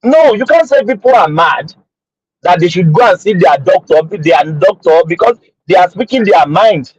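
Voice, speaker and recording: A high-voiced Nigerian man, agitated and pleading, who stammers over his words. The sound is dry and muffled, with a lo-fi voice-chat quality. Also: expressive, normal speed, darkish tone, slightly rough, no room sound. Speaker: discussion participant. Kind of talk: heated live audio chat. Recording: dull lo-fi audio.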